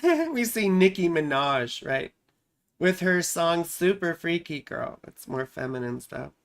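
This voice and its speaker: A woman's voice: on the low side, very animated, a little slow. A woman astrologer hosting a casual live stream. She talks in a chatty, self-amused way, often repeating her phrases and tossing in "right?".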